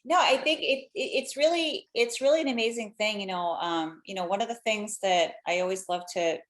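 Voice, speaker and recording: A woman's voice: medium pitch, a little fast, a bit bright. A woman in her thirties hosting a live stream, chatting casually and animatedly with lots of fillers.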